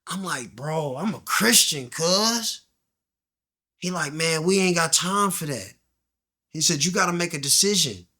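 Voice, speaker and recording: A man's voice: a little high, lively intonation, normal speed, sharp tone. A man guest telling his story in slang, acting out the voices in quoted dialogue and dropping to a near-whisper at tense moments. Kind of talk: candid storytelling interview.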